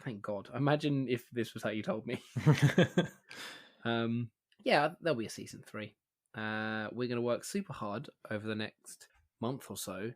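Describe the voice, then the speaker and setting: In a casual podcast chat, a young male co-host rambles along, laughing often and swearing freely. His voice is mid-range and his delivery a little slow.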